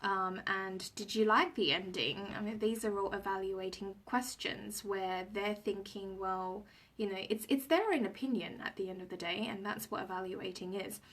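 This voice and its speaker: A woman's voice: medium pitch, steady tone, normal speed, fairly bright tone, distant mic. A woman teacher explaining reading questions to parents in a casual live stream, with many ums and restarts. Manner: rambling, frequent ums and restarts.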